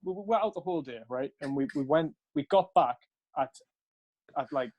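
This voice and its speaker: A man's voice: fairly high pitch, a little fast, lo-fi sound. A young man, casually telling a rambling night-out story, laughing and swearing between fillers. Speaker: podcast co-host.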